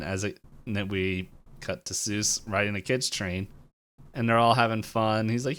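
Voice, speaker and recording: A man co-hosting a podcast, retelling a cartoon episode in a casual, animated way and jumping into the characters' lines with laughter. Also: fairly low pitch, moderate pace. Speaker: podcast co-host.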